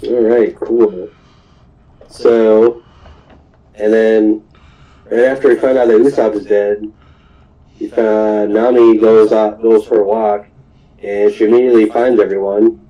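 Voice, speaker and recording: Brief: low-voiced man, unhurried, loose rambling recap of an episode. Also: little pitch movement, dark tone, low-quality recording. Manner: rambling, many ums and restarts. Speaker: podcast host. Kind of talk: casual recap of a cartoon episode.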